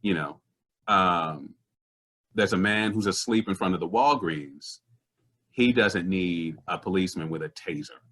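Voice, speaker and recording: Animated storytelling man, bright lower voice. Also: unhurried. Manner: animated, acts out other people's voices in stories; earnest and indignant about social issues. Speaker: comedian guest. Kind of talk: conversational storytelling.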